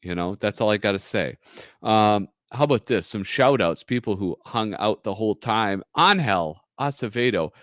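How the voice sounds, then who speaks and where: A man hosting a live stream, reading comics aloud in an animated, joking way and laughing often. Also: fairly low pitch, normal speed, no echo, studio quality. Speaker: host.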